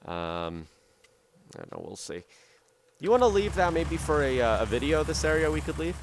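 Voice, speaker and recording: A man's voice: a little high, sing-song, moderate pace. A young man chatting casually to viewers on a live game stream, rambling and correcting himself, recorded at home on a studio microphone. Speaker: gaming streamer. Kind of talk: casual live-stream chat while playing. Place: home room with rain outside. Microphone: studio dynamic microphone, volume turned up. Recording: rain and outdoor noise behind.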